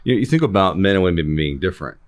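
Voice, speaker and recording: A man's voice: low-pitched, expressive, quick pace. A middle-aged man co-hosting a casual talk, making blunt arguments and telling personal stories. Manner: argumentative, tells personal anecdotes. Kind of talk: casual conversation.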